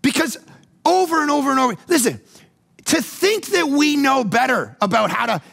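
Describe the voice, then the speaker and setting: Male pastor, high and gravelly, lively sermon delivery that swings from shouts to hushed calm. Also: moderate pace. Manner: animated, swings from loud mock voices to hushed calm.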